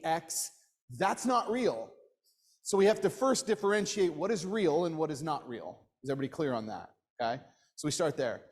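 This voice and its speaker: Measured man speaking in a reverberant hall. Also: a little high, lively intonation. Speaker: workshop guest speaker. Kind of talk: explaining a framework to a room. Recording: long hall reverb, live room.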